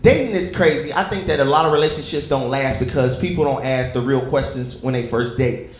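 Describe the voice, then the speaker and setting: A man's voice: mid-range voice, fairly quick, a little hiss or hum. A young man doing a stand-up comedy set, loose and conversational, chatting with the crowd between stories. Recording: echoey comedy club.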